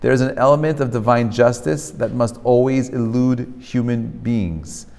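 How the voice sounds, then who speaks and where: A man teaching a class as a rabbi. He talks in an animated way, often checks with "right?", and mixes Hebrew terms into English. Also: mid-range voice, moderate pace, vocal fry, in a large hall. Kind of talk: lecture to a live class. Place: lecture hall with a live audience.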